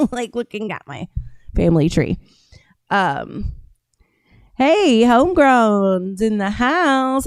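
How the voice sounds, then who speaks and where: A woman's voice: medium pitch, a little mellow, no echo. An American woman hosting a casual live stream, rambling as she reads out viewer comments. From United States. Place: home studio.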